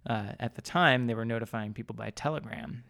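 A man of middle pitch tells a story on a podcast in loose, chatty fashion. He rambles, stumbles on words and pokes fun at himself with frequent laughs. The sound is close and dry. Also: a little fast, creaky, fairly bright tone, no echo. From Maryland. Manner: rambling, self-deprecating, laughs often, stumbles over words. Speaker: podcast co-host. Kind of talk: casual storytelling chat.

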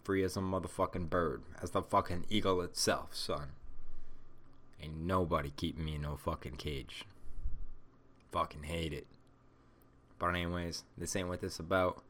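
Low-voiced stoned profane podcaster. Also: male voice, fairly even intonation, moderate pace, long pauses, fairly bright tone. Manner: rambling, heavily profane, stoned. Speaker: podcast host. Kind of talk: casual solo podcast rant.

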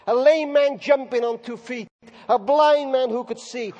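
A man preacher giving a sermon, telling stories dramatically, moving between loud declaring and hushed tones. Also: very high-pitched, unhurried, lo-fi sound. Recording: echoey hall reverb.

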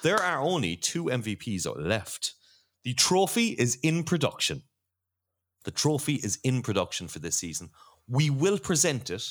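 A man's voice: medium pitch, sing-song, normal speed, a bit bright. An Irish man hosting a podcast in casual chat, rambling and laughing often. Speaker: podcast host.

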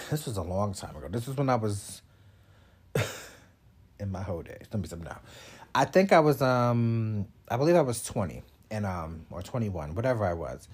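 Lively, husky-voiced young man. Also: fairly low pitch. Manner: animated, blunt, swears freely, quick asides. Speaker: podcast host. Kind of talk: casual monologue.

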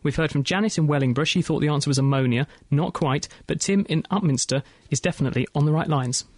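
A man hosting a radio science show, talking in a brisk, chatty, enthusiastic way into a studio microphone. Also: on the high side, dry recording. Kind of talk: casual radio presenting.

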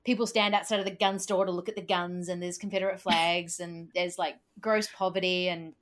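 A woman's voice: lowish voice, little pitch movement, a little fast, fairly bright tone. An Australian woman co-hosting a film podcast, rambling and correcting herself as she talks. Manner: rambling, self-correcting, laughs often. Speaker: podcast co-host. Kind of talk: casual chat.

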